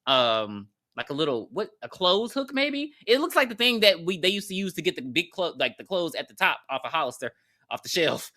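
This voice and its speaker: In a brisk, medium-pitched voice, a podcast co-host tells the story of a horror movie with plenty of laughs, performed lines, and slangy, profane chatter. It's lively, casual storytelling.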